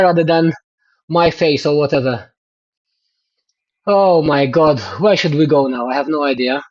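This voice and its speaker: A man chatting excitedly to his livestream viewers about his cycling race results, exclaiming often. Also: a little high, moderate pace, muffled recording. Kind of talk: casual livestream chat.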